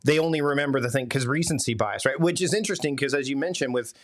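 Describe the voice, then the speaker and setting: A man's voice: medium pitch, quick pace. Casting note: male host, mid-range voice, reflective and talkative. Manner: thoughtful, builds long reflective questions. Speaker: podcast host. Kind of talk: conversational interviewing.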